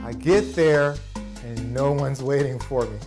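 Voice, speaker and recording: A man's voice: mid-range voice, measured pace, music in the background. A man, a missionary hosting the show, telling stories casually and acting out conversations with laughter. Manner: animated, laughing, acts out dialogue. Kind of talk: casual storytelling and interviewing.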